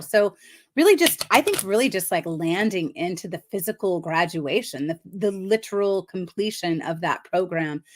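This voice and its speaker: A woman giving a live card reading as a numerology coach, speaking in a soft, affirming, reflective way and often checking in with the listener. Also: lowish voice.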